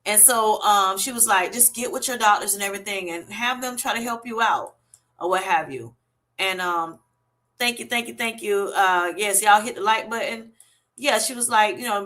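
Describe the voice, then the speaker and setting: Woman vlogger, bright clear voice, chatty live-stream talk, retells conversations, greets viewers. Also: mid-range voice, moderate pace. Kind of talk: casual live-stream chat.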